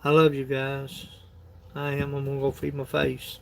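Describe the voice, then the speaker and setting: A man's voice: medium pitch, monotone, moderate pace, creaky, fairly bright tone. A man, chatting casually on a phone livestream in a rambling, folksy way, laughing often. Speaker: livestream host.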